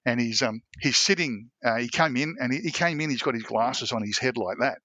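A middle-aged Australian man, a former police commander, telling stories on a podcast with lively acted-out voices and frequent restarts. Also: mid-range voice, brisk, no room sound. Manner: animated anecdotes, acts out voices of others, frequent restarts. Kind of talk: casual storytelling interview.

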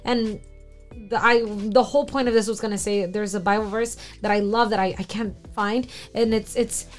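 A woman's voice: medium pitch, steady tone, soft background music. A woman co-hosting a casual faith discussion, chatty and full of "like", apologizing for talking too much. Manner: chatty, fast, lots of "like", self-deprecating. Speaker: co-host.

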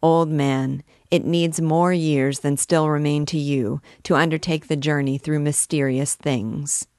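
A woman's voice: sits low, fairly even intonation, measured pace, a little mellow, no echo, studio quality. A woman voicing a proud, fiery male archdeacon and alchemist who declaims his views in a grand manner, reading from a novel. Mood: solemn.

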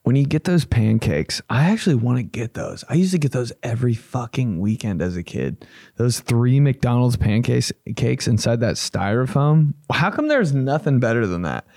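Gravelly, joking podcast host. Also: male voice, mid-range voice, animated, normal speed, a little mellow, no room sound, clean studio sound. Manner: loose, profane, joking riffs. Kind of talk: comedy podcast reaction chat.

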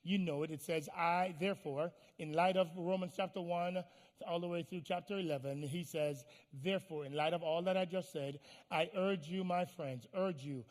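High-voiced preacher in a reverberant hall. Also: male voice, fairly even intonation, normal speed. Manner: preaching, swings from hushed to shouting; pleading, repeats phrases for emphasis. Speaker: pastor. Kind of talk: sermon.

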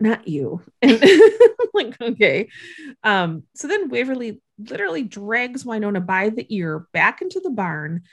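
A woman's voice: on the high side, gravelly. A woman co-hosting a podcast, casually recapping a TV episode scene by scene and often laughing as she goes.

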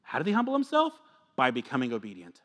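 Bright-voiced man preaching a sermon. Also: medium pitch, huge pitch swings, fast talker. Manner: earnest and confessional, swinging from soft asides to emphatic repetition. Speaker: pastor.

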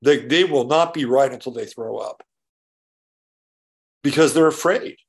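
A man's voice: mid-range voice, unhurried, vocal fry. A man hosting his own show, telling a rambling story with lots of restarts, casual swearing and "right?" tags. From California. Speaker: show host. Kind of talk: casual solo monologue.

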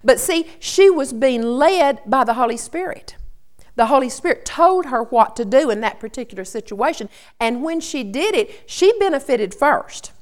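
A woman's voice: high voice, animated, moderate pace. A woman preaching a sermon in an earnest, storytelling teaching tone.

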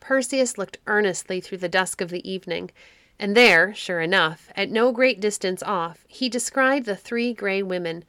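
A woman reading a children's classic story aloud, with expressive narration. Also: medium pitch, moderate pace, no echo, studio quality.

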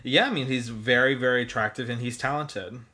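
A man co-hosting a casual movie chat, easygoing and quick to agree. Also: mid-range voice, bright, forceful tone. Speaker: podcast co-host.

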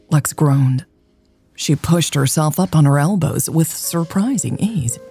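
Husky, low-voiced woman reading a romance. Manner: slow, soft, intimate. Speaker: story narrator. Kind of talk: scripted romance narration. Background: faint music.

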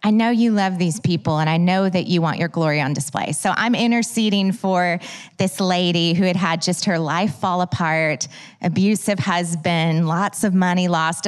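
Lower-voiced woman telling prayer stories. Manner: animated, acts out her own dialogue. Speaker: church prayer teacher. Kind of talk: storytelling church teaching.

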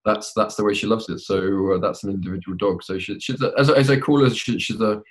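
A man's voice: lowish voice, steady tone, a little fast. A man from England, a podcast guest, chatting casually and hesitantly with many repeated words. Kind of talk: casual chat.

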